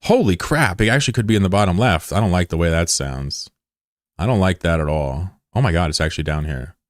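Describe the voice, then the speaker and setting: A man in his thirties from the United States, chatting casually on a live stream with swearing and sudden high yelps of surprise. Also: lively intonation, fast, no echo, studio quality. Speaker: game streamer.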